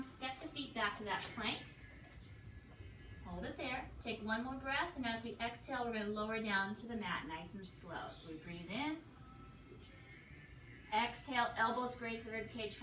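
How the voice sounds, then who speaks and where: A yoga instructor talks students calmly through breaths and poses in a slightly high voice. She sits back from the mic in an echoey hotel room, with music playing clearly behind her. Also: recorded from a distance. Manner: calm, counts breaths and cues poses. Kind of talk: guided yoga class instruction.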